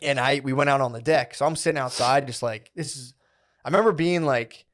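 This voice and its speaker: A man in the middle of a comedy podcast tells a long, drifting story in a loose, casual manner, with "like" and "dude" nearly everywhere and swearing flowing freely. His voice is middle-pitched, brisk, and fairly bright.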